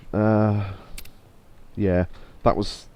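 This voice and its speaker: Rambling male streamer, low dark voice. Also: steady tone, very slow, slight background noise. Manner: rambling, self-amused, reads all the game's dialogue. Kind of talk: live let's play commentary.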